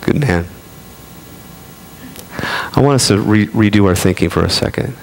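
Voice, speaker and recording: A man's voice: lowish voice, normal speed, a little hiss or hum. A man preaching a sermon in a conversational way, with playful asides to his congregation. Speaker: pastor.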